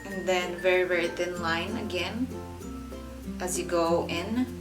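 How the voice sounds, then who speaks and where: Speaking a little slowly in a lowish, steady voice, a young adult beauty vlogger guides her audience through a makeup tutorial. She's chatty and doubles words for emphasis. The room echoes, and faint music plays in the background.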